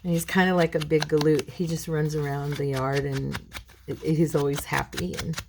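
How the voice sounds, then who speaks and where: A middle-aged woman hosting a crafting video at home, chatting casually and rambling between tasks, clearing a frog in her throat. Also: deep voice, little pitch movement, moderate pace, noisy background. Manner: rambling, chatty, addresses viewers as girls. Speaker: craft channel host.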